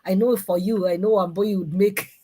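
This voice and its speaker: A middle-aged woman with a Kikuyu Kenyan accent, hosting a live-streamed talk show in an animated, emphatic way. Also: mid-range voice, moderate pace, a little hiss or hum. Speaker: host.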